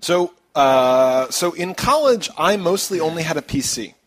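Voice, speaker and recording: A man co-hosting a casual gaming podcast, with a fairly high voice that swoops all over. He jokes crudely and talks animatedly. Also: lively intonation, a little slow. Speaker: podcast co-host. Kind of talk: casual chat.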